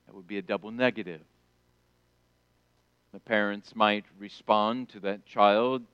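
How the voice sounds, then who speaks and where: A middle-aged male pastor preaching a sermon, emphatic, rising to loud declarations and dropping soft. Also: on the low side, fairly even intonation, unhurried, long pauses, clean tone, no echo, lo-fi sound.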